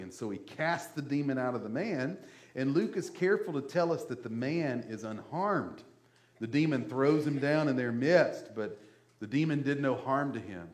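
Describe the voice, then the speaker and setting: A man's voice: mid-range voice, roomy sound. A male pastor preaching a sermon in a conversational way, asking the congregation questions.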